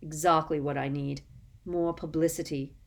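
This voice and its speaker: A weary teenage boy answers flatly and dully, with little life in his voice. A woman reading a story does his lines. He sounds fed up. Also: sits low, normal speed, vocal fry. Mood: glum. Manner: flat, dull. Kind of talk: audiobook character voice.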